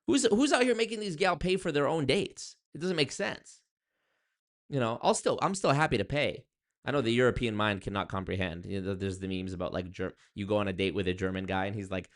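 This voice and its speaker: A young man from Canada talks straight to the camera in a loose, storytelling vlog. His voice sits mid-range, and he turns sarcastic and animated, leaping up into loud disbelieving outbursts before settling back down. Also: fairly quick. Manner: animated, sarcastic, jumps to high exclaims. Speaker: vlogger. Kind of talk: casual storytelling monologue.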